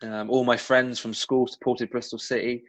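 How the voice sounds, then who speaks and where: The guest, a former professional footballer from England's West Country, talks at a moderate pace in a medium-pitched voice with the local accent. Over a dry recording, he answers interview questions casually, chatty and animated, with many ums and restarts as he tells anecdotes.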